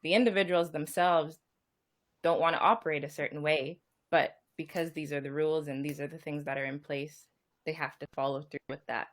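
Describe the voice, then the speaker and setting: A woman co-hosting a casual chat show, talking in a thoughtful, measured way with soft asides. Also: low voice, steady tone. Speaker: podcast co-host.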